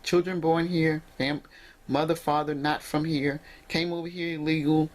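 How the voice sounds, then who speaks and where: A woman's voice: deep voice, steady tone, normal speed, darkish tone. A woman vlogger talking straight to camera in an emphatic, preachy way, speaking directly to her viewers from indoors at home on the camera mic.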